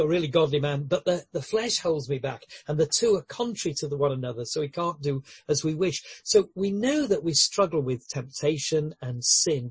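A man's voice: fairly high pitch, darkish tone, breathy edge, dry recording. A man preaching a sermon in an earnest way, with light humorous asides and frequent word repetitions and restarts.

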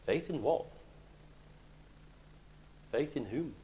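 A man preaching a sermon, emphatic, moving between loud declarations and hushed lines. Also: medium pitch, animated, slow pace, slightly rough.

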